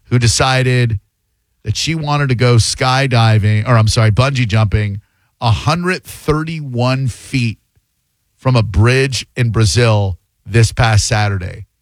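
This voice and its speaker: A man's voice: medium pitch, slow, no room sound. Slangy, jokey male radio talk host. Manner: loose, jokey, slangy banter. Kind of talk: casual call-in radio chat.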